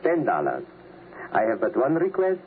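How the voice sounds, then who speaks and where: An actor playing a proud, theatrical doll maker who boasts about himself, in 1950s radio drama style, heard through a tinny, hissy old broadcast. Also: male voice, medium pitch, wildly swooping pitch, moderate pace. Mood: smooth. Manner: grandiose, self-admiring.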